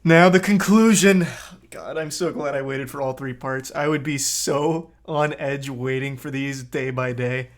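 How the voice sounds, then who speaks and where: A man's voice: mid-range voice, a little slow. Heated, blunt man streamer. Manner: blunt, heated, swears often. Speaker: streamer reacting to a video. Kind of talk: casual live-stream commentary.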